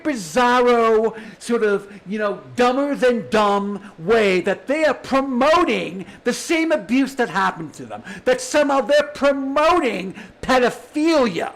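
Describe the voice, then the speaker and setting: A man's voice: very high voice, a bit bright, low-quality recording. A man hosting his own livestream, delivering an angry, sarcastic rant full of swearing. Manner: heated, sarcastic, swears often. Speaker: livestream host.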